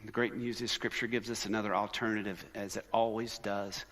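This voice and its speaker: Male conference speaker, lively sermon delivery that acts out voices, recorded in a big reverberant hall. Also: on the low side, a little fast. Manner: animated, conversational, shifts into quoted voices. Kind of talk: sermon-style talk.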